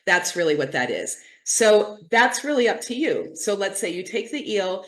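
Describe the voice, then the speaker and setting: A middle-aged woman hosting a casual teaching talk, telling a lively story with playful quoted asides. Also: medium pitch, moderate pace. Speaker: host.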